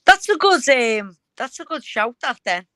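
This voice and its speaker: A woman chatting on a fan show alongside her father, teasing and quick with a reply. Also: high-pitched, big pitch swings, bright, forceful tone, no echo. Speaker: guest, host's daughter. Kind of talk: casual chat.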